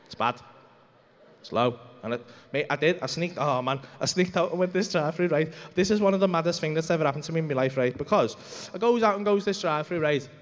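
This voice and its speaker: A young man with a Liverpool accent telling a rambling, swearing, animated story as a stand-up comedian on a club stage. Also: a little high, fast talker. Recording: reverberant comedy club hall.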